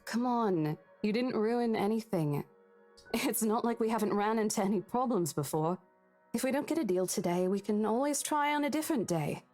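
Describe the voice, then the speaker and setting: A woman voicing a caring young realtor in video game dialogue, speaking in a soft, coaxing, slightly hesitant way. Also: fairly high pitch, expressive, moderate pace, faint music behind, natural voice. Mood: reassuring.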